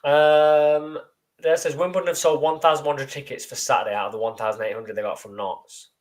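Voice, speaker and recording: A man co-hosting a live football fan show, chatting casually with dry, deadpan jokes and reading out viewer comments. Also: on the high side, a little fast. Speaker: podcast co-host.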